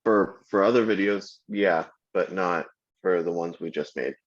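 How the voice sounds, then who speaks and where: A man's voice: sits low, a little slow. A man on a team call, laid-back and joking while reporting on testing an app. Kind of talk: casual work meeting. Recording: dull lo-fi microphone.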